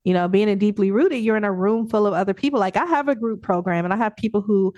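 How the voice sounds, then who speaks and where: A woman coaching client and coach speaking in a casual podcast interview, animated and laughing often as she acts out her own thoughts. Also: medium pitch, quick pace, no echo, lo-fi sound.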